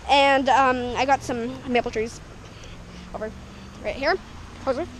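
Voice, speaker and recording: Walking her homemade backyard dirt bike track outdoors, a woman from Canada talks casually to an action camera, rambling, chatty, and giggling often as a vlogger. Her high-sitting voice keeps a steady tone and a measured pace, though the low-quality recording picks up slight background noise.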